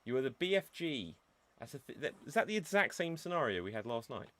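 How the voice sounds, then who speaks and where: Improv host guy, brisk, sets up scenes and reads out votes. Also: medium pitch, very animated, fairly bright tone. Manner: brisk, organizing, reads audience comments aloud. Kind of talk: live-streamed show hosting.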